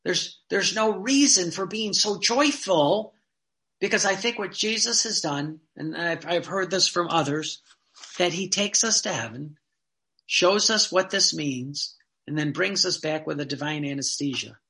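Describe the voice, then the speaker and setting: Fervent preacher with a bright, forceful voice. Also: medium pitch. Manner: earnest and fervent, slows down to read quoted passages. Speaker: religious teacher. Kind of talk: sermon-style teaching with read-aloud passages.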